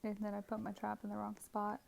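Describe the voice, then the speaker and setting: A woman's voice: mid-range voice, monotone, fast, creaky, a little mellow, slight background noise. Giggly woman narrating her gameplay. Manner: giggly, chatty, rambling with many fillers. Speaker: gaming channel host. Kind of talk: casual gameplay commentary voice-over.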